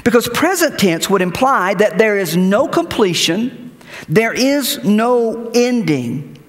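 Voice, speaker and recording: A male pastor delivers an animated sermon in a church sanctuary. His voice sits high and swings widely in pitch, and a long hall reverb trails after his words. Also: slow. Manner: animated preaching with repeated words and rhetorical questions.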